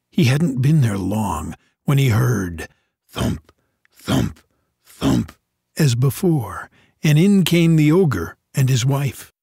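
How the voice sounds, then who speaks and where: A man reading a fairy tale aloud in an expressive, unhurried storytelling manner. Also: medium pitch, gravelly, slightly rough, no echo, clean studio sound.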